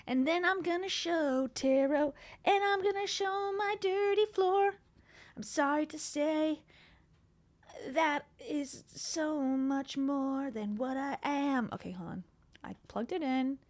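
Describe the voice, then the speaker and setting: A woman with a slightly high voice talks straight into a close desktop mic, sarcastic and chatty as she reacts to clips. The sound is dry, with no room echo. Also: slow pace, long pauses. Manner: sarcastic, mocking, chatty asides. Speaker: streamer reacting to videos. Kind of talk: casual livestream reaction commentary. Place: home room. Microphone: desktop streaming mic.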